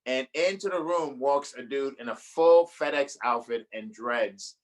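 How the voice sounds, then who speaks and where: A male comedian chatting casually on a video call, telling animated stories and laughing often. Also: medium pitch, measured pace. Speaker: guest comedian.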